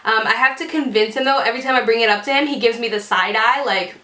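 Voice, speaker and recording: A woman's voice: on the high side, fast talker, sharp tone. A woman beauty YouTuber answering fan questions in a casual vlog, chatty and full of "like" fillers. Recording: roomy echoey room.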